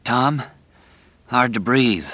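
A man voicing a gravely ill grown man, short of breath, weak and petulant, in an audiobook. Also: mid-range voice, extremely slow, dry recording. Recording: dull lo-fi dry recording.

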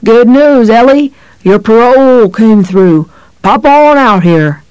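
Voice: medium pitch, lively intonation, slow pace, darkish tone, smooth, dry recording, highs cut off, pitched above the performer's own voice. A reader voicing a monstrous giant small-town cop who talks in a jovial, taunting drawl in an audiobook. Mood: menacing. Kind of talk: audiobook character voice.

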